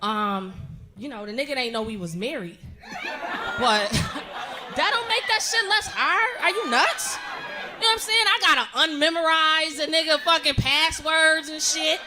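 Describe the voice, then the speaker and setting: A middle-aged woman performing a profane stand-up comedy set, telling stories loudly and animatedly. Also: sits high, measured pace, crowd noise. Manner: profane, loud, animated storytelling with frequent laughs. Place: comedy club stage with live audience.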